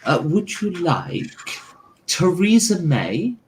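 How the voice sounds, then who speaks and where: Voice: medium pitch, sing-song, background noise, pitched above the performer's own voice. A game master voicing a formal, haughty female AI butler in a tabletop game. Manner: stiff formal courtesy, drawn-out words. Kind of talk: tabletop role-play voice.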